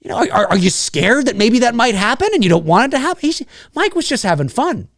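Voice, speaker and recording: A man's voice: extremely high pitch, big pitch swings, quick pace, crowd noise. A man hosting a live stream, ranting casually with lots of swearing and mocking voices. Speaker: host of a live stream show.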